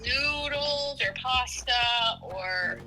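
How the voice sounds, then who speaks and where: A woman's voice: high-pitched, very slow, sharp tone, faint music behind, poor audio. A young adult woman talking casually with her spouse, rambling and hesitant with many fillers. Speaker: streamer's spouse. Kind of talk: casual conversation.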